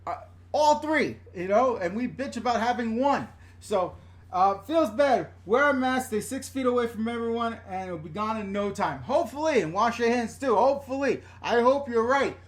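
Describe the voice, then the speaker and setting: Live-streaming from a room at home, a middle-aged man from the New York and New Jersey area rants in a casual way, his voice sitting high for a man. He's animated and speaks at a moderate pace, blunt and chatty, swearing freely as he reads viewer comments aloud.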